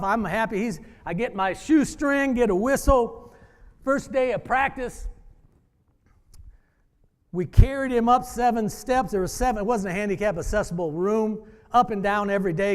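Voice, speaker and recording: A former wrestling coach telling a story to an audience, acting out the dialogue in an animated way. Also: male voice, high-pitched. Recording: hall reverb.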